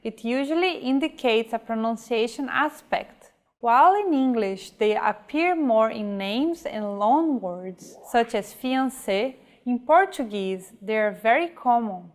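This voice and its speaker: A woman teaching a scripted pronunciation lesson, reading example words slowly and carefully. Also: on the high side, expressive. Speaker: language teacher.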